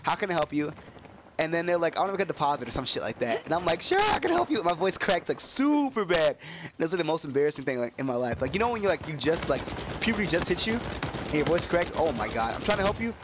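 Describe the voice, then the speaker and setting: Coughing through a cold, an excitable young guy provides casual commentary for his gaming YouTube channel, speaking fast with a lively pitch. He lets out yelps and wanders into chatty anecdotes, with game gunfire and other background noise behind him.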